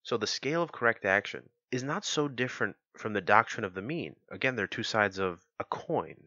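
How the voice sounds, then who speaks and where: A man's voice: fairly low pitch, lively intonation, brisk, pushed and bright, dry recording, dull audio. A man hosting a podcast, explaining a philosophy idea in a lecturing way and working through examples step by step. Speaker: podcast host.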